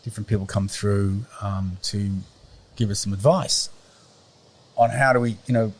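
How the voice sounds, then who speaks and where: Australian man, low voice, rambling. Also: steady tone, normal speed. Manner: rambling, searching for words. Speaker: guest. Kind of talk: casual conversation.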